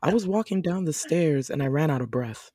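Animated low-voiced woman, husky. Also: brisk, no echo, studio quality. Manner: animated storyteller who acts out her own reactions. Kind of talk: casual chat.

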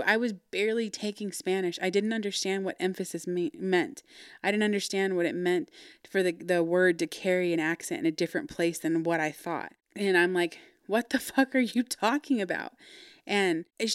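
A young woman, a podcast guest, bluntly telling a story and swearing freely, growing animated when frustrated. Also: lowish voice, clean tone, no echo, clean studio sound. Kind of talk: casual storytelling interview.

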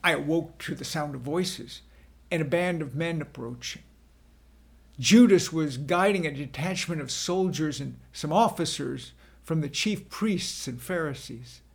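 A man narrating a dramatic first-person scripture reading in a slow, earnest storytelling manner. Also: fairly high pitch, gravelly, husky.

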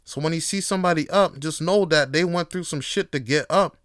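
A man's voice: on the high side, normal speed, hardly any pauses, a bit bright, no room sound, clean studio sound. A man hosting his own show, talking in a loose, profane solo monologue with laughing asides. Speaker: host.

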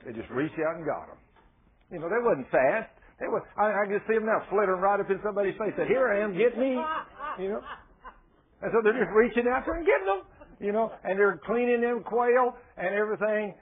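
A man preaching a sermon, telling Bible stories in a folksy, animated way. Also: high-pitched, fast talker. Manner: folksy, animated storytelling with laughs. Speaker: pastor. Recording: tinny phone-like sound.

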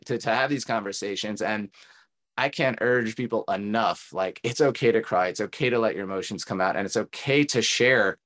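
A man's voice: medium pitch, a bit bright. Earnest man talking about healing. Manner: earnest, encouraging, speaks in reflective run-on thoughts. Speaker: tantra coach and guest. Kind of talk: casual podcast conversation.

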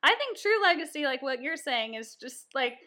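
A woman hosting a podcast and chatting in a friendly, agreeable way, with plenty of fillers. Her voice is slightly high and bright. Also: big pitch swings, normal speed. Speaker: podcast host. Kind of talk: casual chat.

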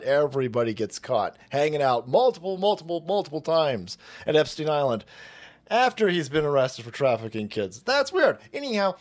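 A man with a sarcastic, mocking, profane delivery, hosting a ranting commentary show. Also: fairly high pitch. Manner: sarcastic, mocking, puts on voices of opponents. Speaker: political commentary host.

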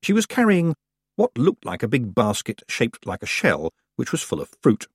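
A man narrating a novel as an audiobook, reading in an expressive storytelling manner. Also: fairly low pitch, moderate pace, husky, no room sound, clean studio sound. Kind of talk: scripted narration.

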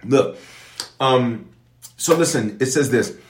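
A man's voice: mid-range voice, slow pace, roomy sound. A man preaching and praying in a casual, emphatic style, repeating his phrases and using slang. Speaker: bishop leading an online prayer. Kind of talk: live-streamed sermon and prayer.

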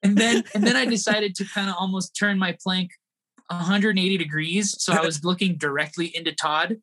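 A man in his thirties tells a tour story as a podcast guest, his voice bright and forward. He talks loosely, restarts often and puts on the voices of people in the story. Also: sits high, brisk, slight background noise. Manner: animated, acts out quoted voices, laughs often. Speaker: guest musician. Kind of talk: casual storytelling.

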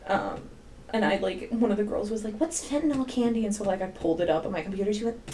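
A woman's voice: medium pitch, quick pace, a little hiss or hum. A young woman co-hosting a casual podcast, telling stories with lots of swearing and acted-out quotes. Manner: animated storyteller, swears, acts out quotes. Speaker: podcast co-host, middle school teacher. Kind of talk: casual chat.

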